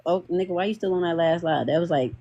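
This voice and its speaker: A man's voice: on the high side, creaky, dark tone, muffled recording. A man, hosting a podcast panel in loose, joking livestream banter. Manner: loose, joking, slangy, quick laughs.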